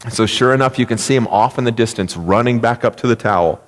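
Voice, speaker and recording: Brief: male pastor, mid-pitched, lively storytelling sermon, long church reverb. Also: fast. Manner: storytelling, emphatic, conversational. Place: church sanctuary.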